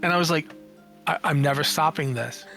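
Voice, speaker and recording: A man in his forties with a high, light voice tells stories as an interview guest. He is animated and jokey and acts out what people said, with frequent restarts. Faint music plays under him. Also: brisk, creaky. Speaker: interview guest, games journalist and writer. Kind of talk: casual storytelling in an interview.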